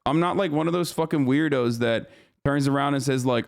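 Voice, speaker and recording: A man's voice: medium pitch, a little fast, gravelly. A man livestreaming casual commentary, ranting in an exasperated, profane way and rambling with frequent restarts. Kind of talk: casual live-stream commentary.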